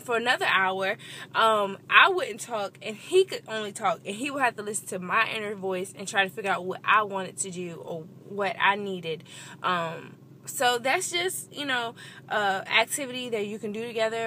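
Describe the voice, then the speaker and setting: Bright-voiced woman giving heartfelt marriage advice. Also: mid-range voice, moderate pace, slight background noise. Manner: earnest, encouraging, filler-heavy. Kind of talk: casual talk to camera.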